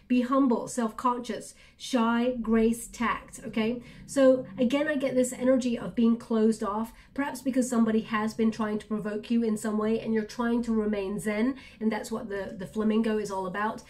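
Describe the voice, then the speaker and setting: A woman reading tarot cards, speaking in a soft, reassuring, chatty way with many fillers. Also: fairly high pitch, steady tone, normal speed. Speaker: tarot reader. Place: indoors at a table.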